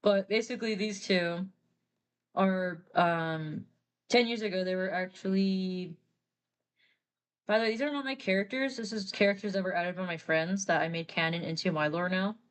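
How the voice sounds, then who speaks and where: A woman's voice: fairly low pitch, normal speed. A woman artist on a live stream, explaining story lore in a chatty, rambling way, often correcting herself. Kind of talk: casual live-stream chat.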